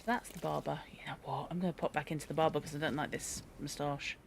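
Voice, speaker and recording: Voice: medium pitch, steady tone, fast talker, gravelly, a little hiss or hum. A game streamer chatting and rambling while playing, musing aloud over word origins and character looks. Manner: chatty, reads from a dictionary, rambles, exclaims at a cat. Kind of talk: let's-play commentary.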